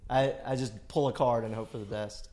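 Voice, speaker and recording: A man in his late twenties chats on a podcast, telling a story and swearing freely. His voice sits at an ordinary pitch for a man. His asides come out dry. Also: fairly even intonation, a little fast, warm tone. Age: late 20s. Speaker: podcast co-host. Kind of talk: casual chat.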